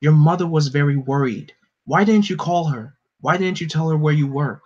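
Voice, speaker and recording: A man voicing a stern, calm female warrior princess who talks in a measured, quietly cutting way. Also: a little high, close to an everyday voice. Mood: cool. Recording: dull lo-fi recording.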